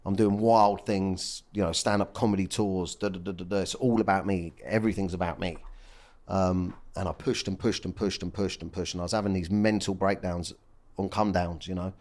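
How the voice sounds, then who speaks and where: Podcast guest: man, 30s, low voice, raw and candid, curses a lot. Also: fairly even intonation, normal speed, a little mellow. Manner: blunt and emotional, swears freely. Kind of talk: candid casual chat.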